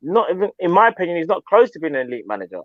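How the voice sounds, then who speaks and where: Excitable slangy fan co-host. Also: male voice, on the high side, racing, dry recording, lo-fi sound. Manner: excitable and slangy, lively banter. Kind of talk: casual live football chat.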